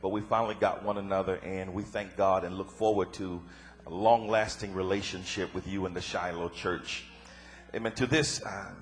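A man speaking as a guest preacher from a church pulpit in an emphatic, repetitive preaching style, dotting his talk with amens. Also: on the low side. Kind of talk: sermon.

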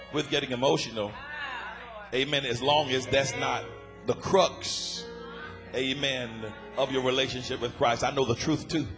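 A man's voice: medium pitch, gravelly. Man preaching from a church pulpit. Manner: emphatic, repetitive preaching delivery with frequent amens. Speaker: guest preacher. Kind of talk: sermon.

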